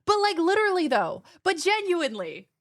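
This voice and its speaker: A woman streamer chatting casually with her viewers, animated and rambling, often restarting her sentences. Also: very high voice, a little fast, no echo, clean studio sound. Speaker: gaming streamer.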